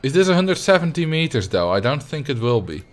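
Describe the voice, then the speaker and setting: A man's voice: on the high side, big pitch swings, brisk. A young man from the Netherlands, chatting casually on a game livestream, laughing often and muttering to himself as he builds. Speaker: game streamer.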